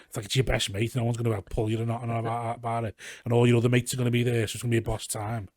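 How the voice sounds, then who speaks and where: A man's voice: medium pitch, little pitch movement, rapid-fire, a little mellow, no room sound, clean studio sound. A man from Liverpool with a Scouse accent, a comedian chatting casually as a podcast guest, rambling and swearing freely. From Liverpool, England. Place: garage studio.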